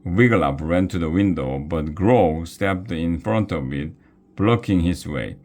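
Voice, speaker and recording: A man reads a children's chapter book aloud in a very low voice. He takes his time, now and then tripping over a word and starting it again. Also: lively intonation, darkish tone. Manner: slow, with small slips and restarts. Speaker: storybook reader.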